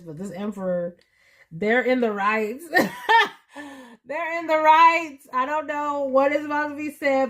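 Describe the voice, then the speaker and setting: A woman at home giving a casual tarot reading to her viewers. She thinks aloud and breaks into sudden excited bursts. Her voice sits at a middle pitch. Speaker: tarot reader.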